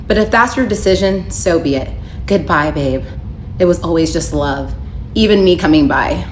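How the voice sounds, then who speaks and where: A woman telling her own story to camera in a casual, candid and animated way, reading out texts as she goes. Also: fairly low pitch, a little hiss or hum. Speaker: storyteller recounting her divorce. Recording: echoey room, faint ambience.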